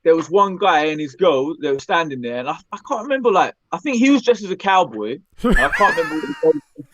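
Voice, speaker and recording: A man telling animated stories as a podcast co-host, often tagging his lines with questions. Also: fairly high pitch, fast talker, rough recording. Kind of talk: casual chat, storytelling.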